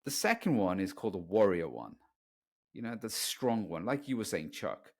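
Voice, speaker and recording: Man, middle-aged, podcast co-host, earnest, casual conversation, fairly low voice. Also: very animated, moderate pace. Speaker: podcast co-host, dating coach.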